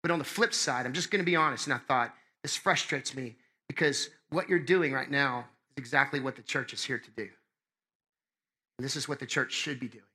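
A man preaching a sermon as pastor, conversational and impassioned, swinging between loud and hushed. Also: medium pitch, a little fast.

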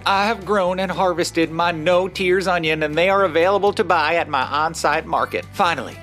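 A tearful male onion farmer, as a man puts him on, pitched high and rambling on through a comedy sketch ad. He keeps breaking down and blurting curses, and soft music plays behind him. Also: lightly acted. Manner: tearful, rambling, cursing outbursts. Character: weepy male hybrid farmer hawking onions.

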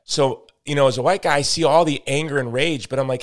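A man's voice: medium pitch, fast talker. A man hosting a conversational interview, earnest and open as he asks personal questions. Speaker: podcast host.

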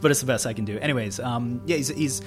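A man's voice: mid-range voice, fast talker. Hesitant man with guitar music behind. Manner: hesitant, full of fillers. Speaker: player. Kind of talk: casual chat.

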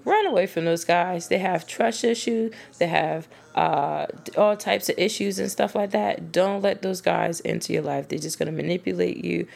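A woman giving blunt dating advice straight to women listeners in a casual, animated rant, swearing freely. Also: fairly low pitch, moderate pace, vocal fry, few pauses.

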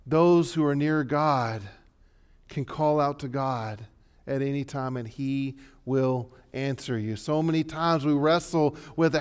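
A male pastor preaching a sermon, swinging from hushed, low passages to loud, rising exhortations. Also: slow, pauses often, smooth.

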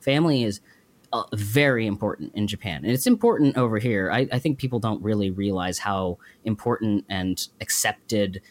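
A man co-hosting a podcast, chatting casually in an animated, rambling and emotional way. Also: on the low side, moderate pace. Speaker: podcast co-host. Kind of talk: casual chat.

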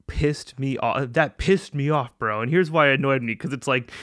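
A man's voice: medium pitch, moderate pace, hardly any pauses, dry recording, studio quality, soft background music. A young man hosting a podcast, ranting in a casual comedic monologue with lots of swearing and mocking put-on voices. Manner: profane, animated rants with mocking put-on voices. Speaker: podcast host.

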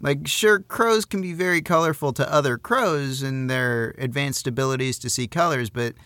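A man's voice: medium pitch, normal speed, fairly bright tone, dry recording. A man co-hosting a podcast in casual chat, full of wry jokes and banter. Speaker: podcast co-host.

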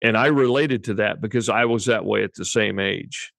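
A man's voice: on the low side, moderate pace, creaky, a bit bright, no room sound. A man co-hosting a cattle-breeding podcast, telling a rambling story in casual chat and chuckling often.

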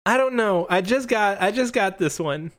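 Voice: mid-range voice, lively intonation, normal speed, a bit bright, voice pushed up, close to an everyday voice. A tabletop player voicing a nervous young boy trainer who sounds anxious and pleading. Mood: worried. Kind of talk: tabletop role-play.

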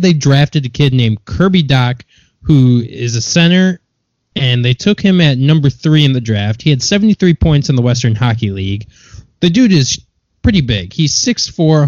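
A man's voice: mid-range voice, darkish tone, no room sound. A man with a mid-range voice co-hosting a casual sports chat. He vents bluntly and swears when exasperated. The audio is dry and somewhat dull. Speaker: podcast co-host.

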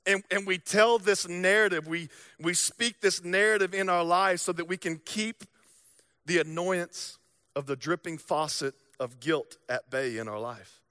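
A young man preaching a sermon, telling stories and acting out voices, swinging from loud to hushed. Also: a little high, normal speed, no room sound, studio quality. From American South. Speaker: pastor.

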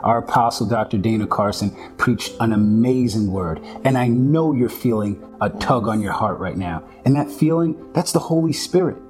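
A church elder earnestly leading listeners through a salvation prayer, line by line. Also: male voice, fairly low pitch, moderate pace, few pauses, a little mellow. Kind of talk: altar call and guided prayer. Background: music.

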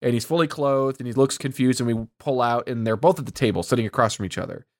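A man's voice: mid-range voice, fast, dry recording, clean studio sound. A man casually retelling a movie's plot, rambling with lots of ums and acting out the characters' lines. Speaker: podcast co-host. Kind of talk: casual movie recap chat.

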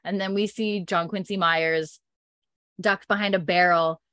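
A woman's voice: on the low side, fairly even intonation, a little slow, fairly bright tone, no echo, clean studio sound. A woman casually recapping a story as podcast host, chatty and full of fillers, laughing often.

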